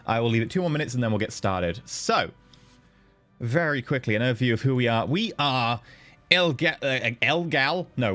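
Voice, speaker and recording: Lively, chatty man streaming a game. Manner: chatty, playful, thanks viewers, bursts into high excited pitch. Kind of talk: casual livestream commentary.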